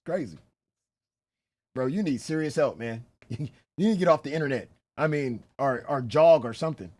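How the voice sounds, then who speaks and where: A woman's voice: very deep voice, expressive, brisk, darkish tone. Incredulous woman streamer, swooping voice. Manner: blunt, incredulous, laughs often, profane slang. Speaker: reaction streamer. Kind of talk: casual reaction commentary.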